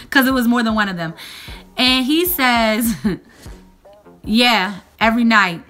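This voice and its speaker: A young woman telling a lively storytime vlog, calling out to her viewers as y'all. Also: a little high. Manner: animated, addresses viewers as y'all. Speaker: vlogger.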